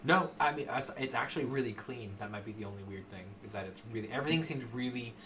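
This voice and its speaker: A man's voice: mid-range voice, fast talker, pushed and bright, a little hiss or hum. A man narrating a tabletop game as game master, in a loose, giggly way.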